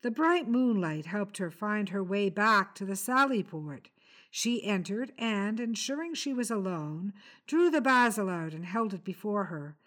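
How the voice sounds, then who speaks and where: Woman reading a dark tale aloud. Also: mid-range voice. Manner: measured, expressive storytelling. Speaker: story reader. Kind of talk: scripted narration.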